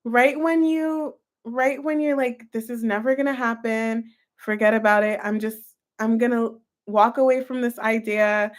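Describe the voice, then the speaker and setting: A woman giving a casual tarot reading, chatty and excitable, talking straight to her viewers. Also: fairly high pitch, a little slow. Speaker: tarot reader.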